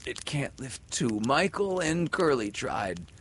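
Wendy, a bright brave girl, as a man puts her on. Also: mid-range voice, big pitch swings, slow, husky, pitched above the performer's own voice, exaggerated voice. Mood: earnest. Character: brave young girl, earnest and trusting.

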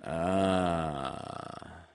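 A man voicing a gloomy old male donkey who speaks slowly, low and sighing, in a storybook reading. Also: gravelly, clear, resonant tone, heavily acted. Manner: slow, low, sighing delivery.

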